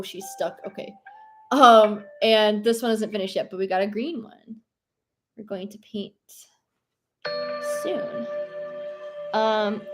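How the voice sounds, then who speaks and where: A young woman streamer chatting casually and playfully with her viewers while she paints pumpkins. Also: on the high side. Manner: chatty and playful, reacting to chat.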